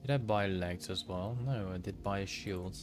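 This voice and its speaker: A deep-voiced man speaking at normal speed streams a video game, chatting easily with his audience while he plays. Game music can be heard under his voice throughout this casual live-stream chat.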